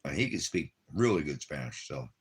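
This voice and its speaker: A man from Los Angeles livestreams for his ministry, chatting and rambling straight to his viewers. He has a bass voice with big pitch swings and a breathy edge, and he speaks briskly.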